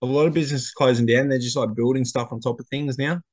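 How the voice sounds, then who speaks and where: A man's voice: mid-range voice, fairly even intonation, fast, a little mellow. A young man in casual chat, a rambling storyteller full of slang and restarts.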